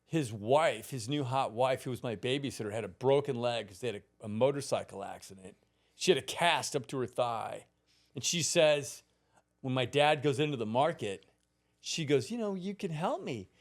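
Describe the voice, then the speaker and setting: A man around sixty spins a story as a podcast guest, lively and loose, cursing now and then and laughing as he goes. His voice sits at an ordinary middle pitch. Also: moderate pace. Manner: animated, profane, laughs through his stories. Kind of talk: casual storytelling.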